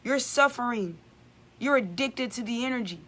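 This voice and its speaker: A woman's voice: a little high, expressive, normal speed, a bit bright. A woman giving an emphatic, repetitive spiritual vlog monologue as a channeler.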